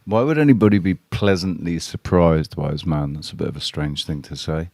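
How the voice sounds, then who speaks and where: A man's voice: low-pitched, a little fast, a little mellow, no room sound. A man chatting casually on a live stream, rambling and blunt, swearing freely and talking straight to his viewers. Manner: addresses chat viewers directly. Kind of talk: casual livestream chat with viewers.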